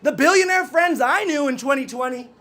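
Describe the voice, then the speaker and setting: A man with a high-pitched voice delivers a fired-up motivational rant, pushing hard at his listeners. He keeps repeating his questions and throws in casual swearing, in the manner of a business coach. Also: fairly quick, bright, forceful tone. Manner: intense, challenging, repeats questions.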